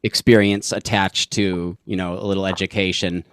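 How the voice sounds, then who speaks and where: A man hosting a casual interview, enthusiastic and effusive, thanking his guest warmly. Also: deep voice, little pitch movement, moderate pace, clear, resonant tone, dry recording, studio quality. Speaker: host.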